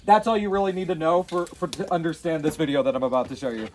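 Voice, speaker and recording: A man's voice: fairly high pitch, fast talker, slight background noise. Rambling, profane male streamer. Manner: rambling, swearing, lots of fillers and restarts. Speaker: streamer, host. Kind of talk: casual chat.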